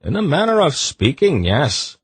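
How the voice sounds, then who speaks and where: A man's voice: fairly high pitch, huge pitch swings, a little slow, slightly rough, no room sound, pitched above the performer's own voice, heavily acted. A man voicing a detached male poison expert who speaks in a clinical, matter-of-fact way.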